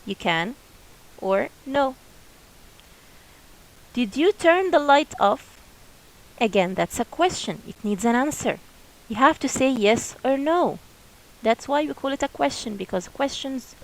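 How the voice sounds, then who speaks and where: A woman teaching a grammar lesson in a slightly high voice. She talks slowly and patiently, repeating her questions and examples so the class can follow. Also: low-quality recording. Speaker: English teacher.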